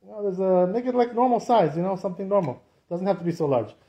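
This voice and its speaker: A man's voice: sits high, lively intonation, fast, lo-fi sound. A man, a rabbi, giving an informal class on Jewish law, chatty and full of rhetorical questions, with Hebrew terms mixed in. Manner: conversational, asks many rhetorical questions; mixes in Hebrew and Aramaic terms.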